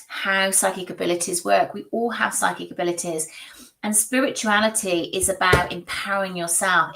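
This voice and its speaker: A woman's voice: on the low side, a bit bright, far from the mic, poor audio. A British woman streaming psychic readings, chatty and emotional, often restarting her sentences. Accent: British English.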